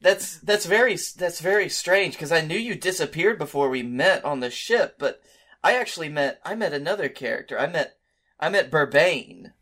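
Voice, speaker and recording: A man's voice: a little high, expressive, moderate pace, a bit bright. A man co-hosting a comedy podcast, joining in with playful banter full of restarts. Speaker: podcast co-host.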